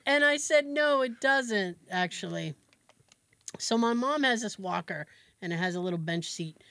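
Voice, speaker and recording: A woman co-hosting a podcast, telling a family story in casual chat, animated and acting out her relatives' voices with frequent laughs. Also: medium pitch, normal speed, no echo. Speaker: podcast co-host.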